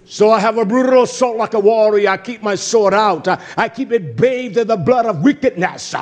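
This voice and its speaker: A middle-aged man preaching a sermon, impassioned, swinging from low murmurs to shouts. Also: normal speed.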